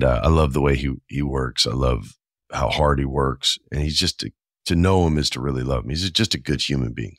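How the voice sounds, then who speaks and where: A man in his forties hosting a podcast, talking casually and with enthusiasm, and often slipping into quick voiced asides. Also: a bass voice, fairly bright tone, no echo, studio quality. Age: 40s. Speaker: podcast host. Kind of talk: casual solo commentary.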